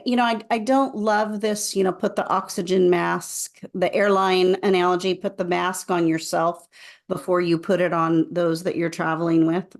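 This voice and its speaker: A woman co-hosting a podcast, talking in a casual, thoughtful and advising way. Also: medium pitch. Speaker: podcast co-host. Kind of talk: casual conversational podcast talk.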